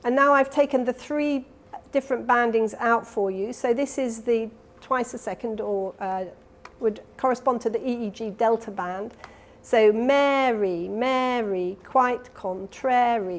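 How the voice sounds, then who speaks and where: An older woman delivers an academic keynote in a conference hall. Her voice sits fairly high, and she explains each slide patiently, now and then acting out the sounds she describes. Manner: explanatory, talks through slides, demonstrates sounds. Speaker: professor giving a keynote lecture. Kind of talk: academic lecture.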